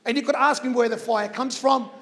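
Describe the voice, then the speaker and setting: A man's voice: very high voice, steady tone, a little fast, pushed and bright. A man, giving an earnest, emphatic motivational talk to students. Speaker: motivational speaker.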